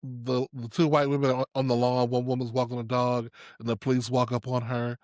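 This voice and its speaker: This podcast co-host has a medium-pitched voice and a brisk delivery, captured in clean studio sound with no room echo. He chats casually, spinning animated stories and laughing a lot.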